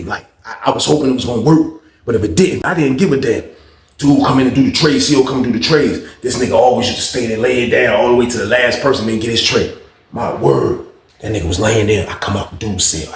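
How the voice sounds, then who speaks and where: A man's voice: medium pitch, fast talker, roomy sound. A man telling a story in a casual, profane way, acting out his own lines with big jumps in voice. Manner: animated, profane, acts out his own quotes.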